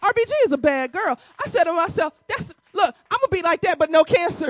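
Animated high-voiced woman preacher. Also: fast, hardly any pauses, dry recording. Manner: animated, emphatic, vernacular preaching with congregation calls. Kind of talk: sermon. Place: church before a congregation.

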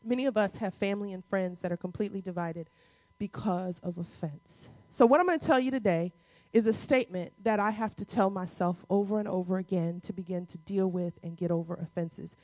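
A woman in her forties preaching a sermon, with playful asides and key lines repeated slowly for the congregation. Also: no room sound. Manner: playful asides with quick dips into a low, quiet voice. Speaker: pastor.

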